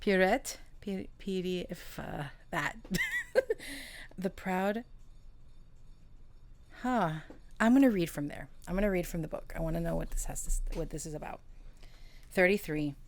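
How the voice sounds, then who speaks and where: A woman's voice: fairly low pitch, normal speed, pauses often, darkish tone. A woman giving a casual tarot reading, effusive and emotional, often laughing as she reads the cards aloud. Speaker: tarot reader.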